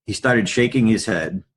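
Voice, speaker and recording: A middle-aged man with a low, husky voice, a podcast guest spinning lively, candid anecdotes. He tells his stories like a seasoned public speaker, open and earnest. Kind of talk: storytelling in a podcast interview.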